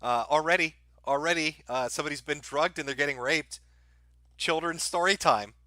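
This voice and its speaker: A man's voice: on the high side, moderate pace, pushed and bright, dry recording. A man live-streaming crude, sarcastic commentary over an audiobook, mocking it and laughing often.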